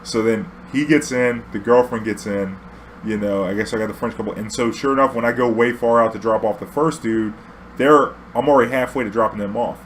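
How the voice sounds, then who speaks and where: A man's voice: mid-range voice, fairly even intonation, fairly quick, slight background noise. A young man, a taxi driver, telling a casual story in a rambling, profane way and laughing often.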